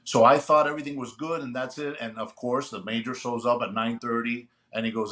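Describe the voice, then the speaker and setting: A man's voice: mid-range voice, a little fast. A man, a retired police sergeant, telling a funny story and acting out the dialogue as he goes. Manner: animated, acts out dialogue. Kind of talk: casual storytelling. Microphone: remote call.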